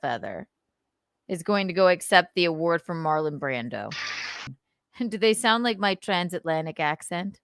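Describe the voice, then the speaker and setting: A woman hosting a podcast with a bright, ringing voice that sits a little high. She jokes and teases her guest throughout the chat. The sound is dry and close. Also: animated, normal speed, smooth, no echo. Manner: joking, teasing, acts out quotes. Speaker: podcast host.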